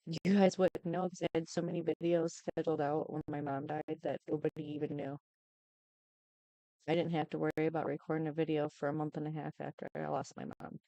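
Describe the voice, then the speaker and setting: Woman YouTuber, tearful update, gravelly low-toned voice, halting. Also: little pitch movement, warm tone, no echo, poor audio. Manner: halting and subdued, with many ums. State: tearful, close to crying. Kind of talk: casual talk to camera.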